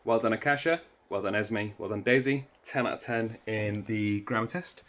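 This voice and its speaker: Recorded on a phone, a man who teaches primary school gives chatty, encouraging instructions for a remote lesson, slightly winded from walking between rooms in the school. His voice sits on the low side at a normal speed, a bit bright, with a little hiss or hum.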